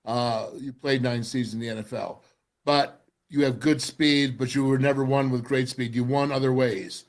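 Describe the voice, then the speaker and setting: A man's voice: mid-range voice, steady tone, normal speed. A man hosting a college football radio show, interviewing a guest with enthusiastic, hype-filled sign-offs. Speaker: sports radio host. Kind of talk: casual interview.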